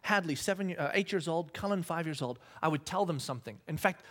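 A man in his thirties preaching a sermon, telling stories in a lively, conversational way and acting out the dialogue. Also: a little high, brisk. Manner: animated storytelling, acting out quoted dialogue; conversational with many restarts. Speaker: pastor.

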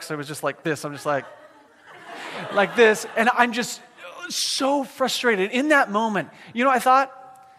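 A man preaching a sermon as a pastor, telling a personal story in a self-deprecating way, with many halting restarts. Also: sits high, sharp tone. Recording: long reverb of a large hall.

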